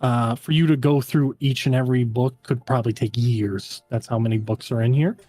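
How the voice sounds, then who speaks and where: A man's voice: mid-range voice, fairly even intonation, a little fast, mellow. A man narrating a tabletop game as game master, in a casual style full of fillers.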